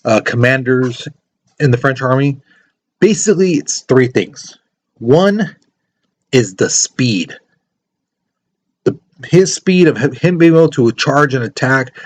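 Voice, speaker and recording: A man teaching a history lesson in a casual, conversational way, full of asides and fillers. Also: mid-range voice. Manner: conversational, many fillers like "you know" and "things like that". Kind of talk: casual classroom lecture.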